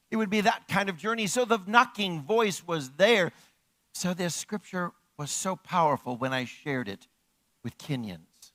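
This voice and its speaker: A man preaching a sermon as pastor. He repeats his points and asks the congregation rhetorical questions, moving from hushed, close lines to loud, emphatic calls. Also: high-pitched, measured pace, no echo.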